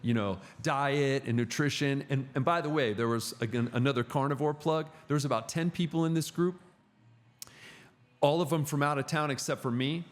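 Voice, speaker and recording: A middle-aged man sits in as a podcast guest, chatting casually. He tells his stories with animated energy at a middle pitch. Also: moderate pace. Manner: animated storyteller. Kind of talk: casual conversation.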